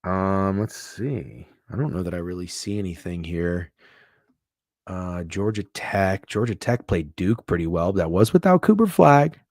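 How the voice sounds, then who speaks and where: A man hosting a sports betting show, talking casually, swearing freely and swinging from hushed asides to loud bursts. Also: low-pitched, animated, unhurried, no room sound, clean studio sound. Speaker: sports betting podcast host.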